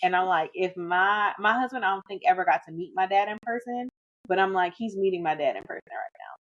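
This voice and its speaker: A woman guest telling a lively anecdote in casual conversation. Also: mid-range voice, brisk, highs cut off. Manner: animated, chatty anecdote-telling. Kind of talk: casual storytelling.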